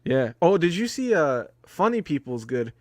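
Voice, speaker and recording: A man's voice: on the high side, big pitch swings, moderate pace, a little mellow, no echo. A man co-hosting a casual movie chat, laid-back and laughing often as he mimics lines from films. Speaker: co-host of a movie watch-along.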